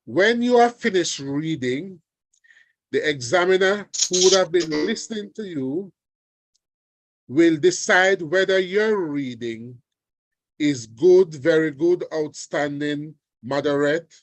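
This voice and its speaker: Guy teaching over a video call, talks real slow, kinda high voice, keeps asking "all right?". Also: animated, dry recording. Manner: deliberate, often checks in with "all right?". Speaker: language teacher. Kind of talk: online exam revision lesson.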